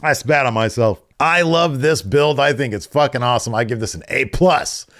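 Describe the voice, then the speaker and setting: A man hosting a wrestling podcast, excitable and profane, grading matches in casual talk and mocking wrestlers in put-on voices. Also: mid-range voice, normal speed.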